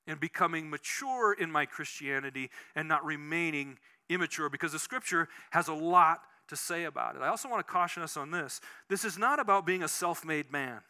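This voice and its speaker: A man preaching a conversational sermon as pastor, animated and telling personal stories, often restarting his sentences. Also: on the high side, a little fast, hardly any pauses, smooth.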